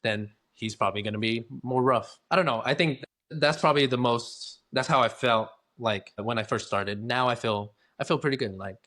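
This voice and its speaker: A dental hygienist appears as a guest in an interview about his work, speaking in a mid-range, fairly bright voice. He's talkative and easygoing, chatting casually and acting out quoted voices.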